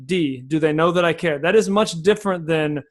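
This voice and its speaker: A man speaking as a sales coach on a podcast, explaining his method in an energetic, folksy way and repeating key phrases. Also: a little high, a little fast.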